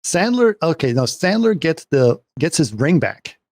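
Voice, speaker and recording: A man's voice: fairly high pitch, sing-song, a little slow, a little mellow, dry recording. A man on a podcast recapping a film scene by scene in casual chat, rambling along and checking in with "right?".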